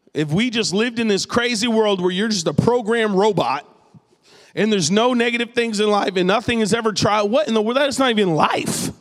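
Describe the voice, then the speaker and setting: A man from New England delivers a sermon in a high, bright voice. He talks animatedly, like a storyteller who likes a joke. His voice rings through a large hall with a long echo. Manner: animated, jokey storytelling preacher. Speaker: pastor.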